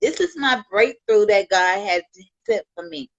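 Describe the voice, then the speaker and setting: A woman's voice: mid-range voice, sing-song, a little slow, dry recording, muffled recording. A woman from Chicago on a livestream, talking with heartfelt, rambling thanks to her viewers and peppering her talk with "you know". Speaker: livestream host.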